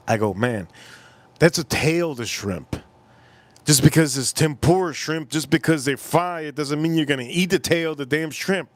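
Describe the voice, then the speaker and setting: This man in his forties hosts a casual live stream at a moderate pace, wandering through a story, saying things more than once, and bursting into loud, high-pitched impressions. The recording has no room sound.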